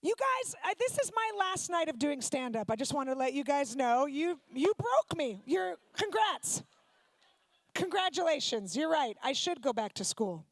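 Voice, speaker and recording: A woman comedian from Ukraine works a live room with a high voice, throwing teasing questions at the audience. The sound is dry and close, with no room echo. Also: big pitch swings. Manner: teasing, quick banter with the audience. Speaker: stand-up comedian. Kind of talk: stand-up comedy with crowd work. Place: comedy night venue before a live audience.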